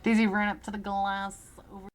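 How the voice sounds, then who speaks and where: A woman reading a story aloud in a deliberate, dramatic way, now and then muttering asides. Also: medium pitch, little pitch movement, a little hiss or hum. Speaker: story reader.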